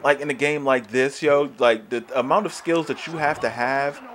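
A man's voice: medium pitch, normal speed, a bit bright, slight background noise. A young man giving profane, frustrated let's-play commentary on a wrestling video game, ranting and swearing as he plays. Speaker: gaming YouTuber.

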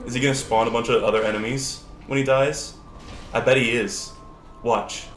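A young man streaming a video game, chatting casually and excitably with swearing, sudden shouts and laughter. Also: medium pitch, moderate pace, echoey room, slight background noise. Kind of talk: casual gameplay commentary. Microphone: older lower-quality desk mic.

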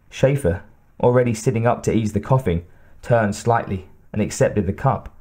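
A male narrator reading a novel aloud in a measured, steady way. His voice sits somewhat low and has a mellow, dark tone. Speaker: audiobook narrator. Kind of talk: scripted narration.

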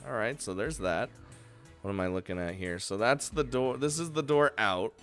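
A young man with a low voice and lively intonation reads a video game's text aloud at normal speed over soft background music. Playing through it as a let's play, he adds joking commentary, swears now and then, and laughs between lines.

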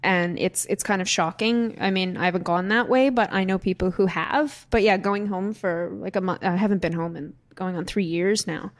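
Animated woman acting out quotes. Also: on the low side, normal speed, few pauses. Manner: animated, acting out quoted remarks, laughing asides. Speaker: podcast panel guest. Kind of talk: casual panel chat.

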